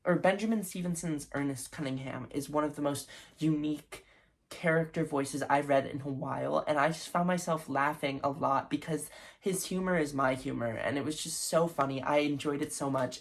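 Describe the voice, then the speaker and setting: A woman's voice: deep voice, fairly even intonation, normal speed. A young woman reviewing her favorite books in a casual vlog, gushing and effusive, with lots of fillers and restarts. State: recovering from covid. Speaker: book vlogger.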